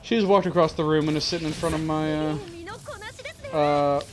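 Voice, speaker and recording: Slightly high man chatting in halting bursts. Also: steady tone. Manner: halting, restarts mid-sentence. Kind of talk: casual chat while gaming. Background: game music.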